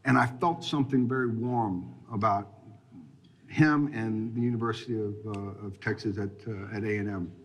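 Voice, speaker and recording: A man's voice: on the low side, moderate pace. A man in his fifties, a former football player and interview guest, telling stories in a rambling way with frequent restarts and chuckles. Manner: rambling, laughing as he tells stories, many restarts. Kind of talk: casual storytelling in an interview.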